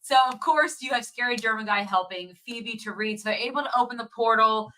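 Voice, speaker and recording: A woman co-hosting a casual movie review chat, retelling the plot in a lively way and laughing often. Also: fairly high pitch, fairly quick.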